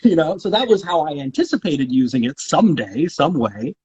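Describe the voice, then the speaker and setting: Chatty guy voice actor on an interview, kinda husky, bit high, lots of ums and restarts. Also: expressive, fairly quick, darkish tone, dull audio. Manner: talkative, with frequent restarts and fillers. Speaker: guest voice actor. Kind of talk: casual interview chat.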